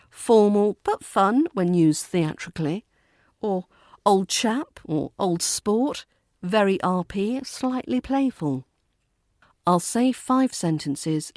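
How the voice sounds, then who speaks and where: A woman with a British accent, hosting a podcast lesson and teaching pronunciation with clear, careful delivery. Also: mid-range voice, a little mellow, no echo, clean studio sound. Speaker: accent coach and podcast host. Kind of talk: spoken English lesson.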